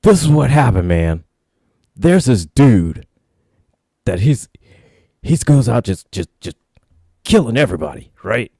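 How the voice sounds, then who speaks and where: A man's voice: medium pitch, sing-song, a little slow, vocal fry, pauses often, mellow, breathy edge, dry recording, studio quality, heavily acted. A man voicing a disheveled stranger who rambles urgently in slang, begging for help.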